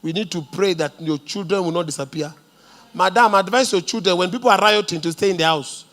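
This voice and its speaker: A man's voice: high-pitched, brisk, a bit bright. A man with a Kenyan accent preaching a prophetic sermon in church, commanding and decreeing, with Swahili asides. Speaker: pastor. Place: church service.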